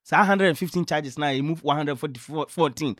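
A man with a Ghanaian accent presenting sports news on radio, telling stories in a lively way and mixing in English phrases. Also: on the high side, a little fast, dry recording, studio quality.

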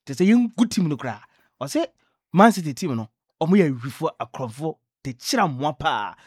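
A man with a Ghanaian accent presenting sports news on radio, telling stories in a lively way and mixing in English phrases. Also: on the high side, moderate pace, slightly rough, no room sound, studio quality.

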